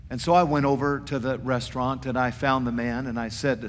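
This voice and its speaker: A man's voice: medium pitch, fairly quick, hardly any pauses, a bit bright, big-room sound. A man preaching a sermon as pastor, telling a personal story earnestly and quoting dialogue with repeated "I said". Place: church sanctuary.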